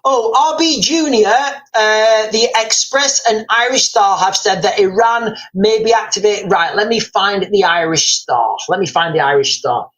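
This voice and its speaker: A man's voice: high voice, measured pace, few pauses, a bit bright, rough recording. A man hosting a live commentary stream. He talks urgently and informally, repeats his points and keeps calling his viewers "guys".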